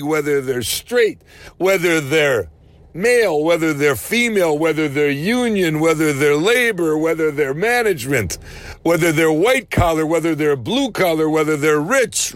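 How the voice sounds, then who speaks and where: A man preaching a sermon, animated, rising to shouts and slowing down hard on key phrases. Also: on the high side, dry recording.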